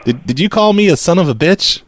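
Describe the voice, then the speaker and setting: A man's voice: on the high side, animated, a little fast, dry recording. Man making a prank phone call. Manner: innocent, fake-apologetic prank caller. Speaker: prank call radio host.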